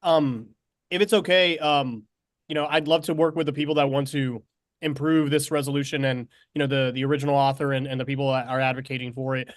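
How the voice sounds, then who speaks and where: A man helping run a committee meeting, hesitant and quick to apologize. His voice sits at a middle pitch and sounds dry and close. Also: steady tone, no room sound. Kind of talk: running a meeting.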